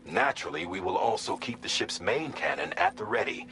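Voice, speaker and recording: An actor playing a steady military ship commander who gives formal mission briefings in a video game cutscene. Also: male voice, medium pitch, brisk. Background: game score music.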